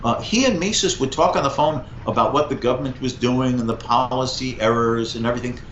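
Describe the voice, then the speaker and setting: A man in his sixties, a guest professor, telling historical anecdotes in an animated conversational interview. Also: mid-range voice, brisk, slight background noise. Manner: animated anecdote teller, lively vocal emphasis. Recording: echoey, slightly muffled room.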